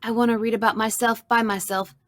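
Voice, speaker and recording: Woman reading as shy little girl, high and sweet, dry close sound. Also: flat delivery, a little fast, dry recording, close to an everyday voice. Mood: delighted. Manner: high, bright girlish voice, hushed at times.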